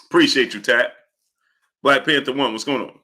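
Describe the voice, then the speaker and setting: A man hosting a live stream, greeting viewers by name and repeating catchphrases in a lively way. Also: medium pitch, moderate pace. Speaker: live-stream host reading viewer chat. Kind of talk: casual live-stream chat.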